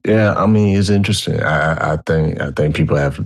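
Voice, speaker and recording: Very deep, husky-voiced male host. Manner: halting, with many "uh" pauses and restarts. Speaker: podcast host. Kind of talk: interview.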